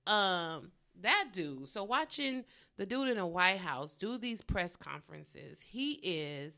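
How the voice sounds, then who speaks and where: A woman's voice: fairly low pitch, very animated, takes it slowly, creaky, pushed and bright. A woman hosting a podcast alone, ranting casually and bluntly, swearing freely. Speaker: podcast host. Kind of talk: casual solo podcast rant.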